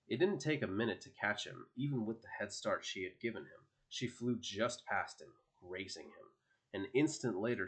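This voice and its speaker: A man narrates an audiobook chapter with a steady, expressive delivery. His voice sits on the low side.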